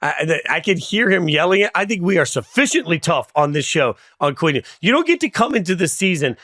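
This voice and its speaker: A man's voice: on the high side, very animated, brisk, bright, forceful tone, no room sound, studio quality. A man co-hosting a sports show, debating emphatically and repeating phrases as he makes his points.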